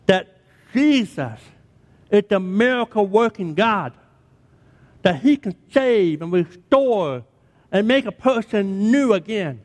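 A man preaching a sermon as a pastor, dramatic and emphatic, repeating key words for effect. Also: high voice. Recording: long hall reverb.

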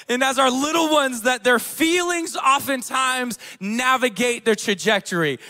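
A man in his thirties preaching a sermon as pastor, telling family stories in a casual way with fillers, dropping to a hush and then rising loud. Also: very high-pitched, normal speed. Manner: casual storytelling with fillers, swinging between hushed and loud.

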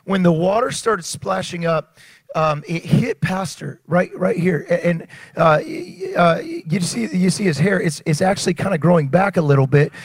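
High-pitched pastor guy, kinda husky, preaching loud and excited, lots of stammers. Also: normal speed, no room sound. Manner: animated, building to shouts; stammering restarts. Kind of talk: sermon.

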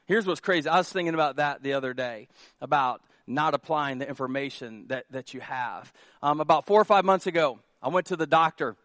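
Animated joking preacher, a man. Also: on the high side, fairly quick, dry recording, studio quality. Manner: animated, jokey preaching with many repeated words. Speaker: pastor. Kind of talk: sermon.

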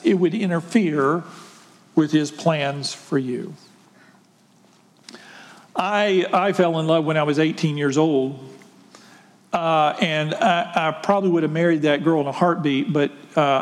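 A man's voice: a little high, a little slow, pauses often, long reverb tail. A male pastor preaching a sermon, retelling a story conversationally and asking the congregation questions.

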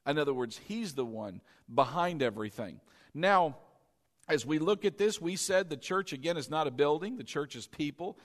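A man with a fairly high voice preaches to his congregation from a church sanctuary. He delivers an emphatic sermon, repeating key lines and tossing questions to the crowd. A long reverb rings through the hall around him. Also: very animated, moderate pace. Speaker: pastor.

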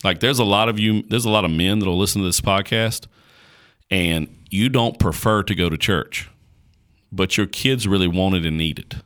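A man's voice: sits low, normal speed, a bit bright, clean tone. A male podcast host preaching on a Bible passage in an emphatic, repetitive, colloquial way.

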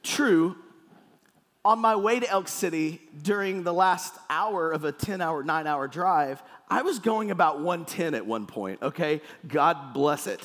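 A man preaching a sermon with playful, animated storytelling in a church hall. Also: fairly high pitch, a little slow. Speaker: pastor. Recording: echoey hall.

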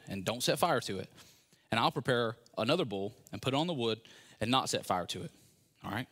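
A man preaching a sermon, retelling a scripture story with sarcasm and acting out the characters' lines. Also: medium pitch. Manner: animated, sarcastic storytelling with acted-out quotes. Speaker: pastor.

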